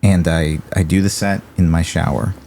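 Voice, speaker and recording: A young man from Virginia, a comedian guest telling a story in a casual interview, animated and acting out the people he quotes. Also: deep voice, normal speed, slight background noise.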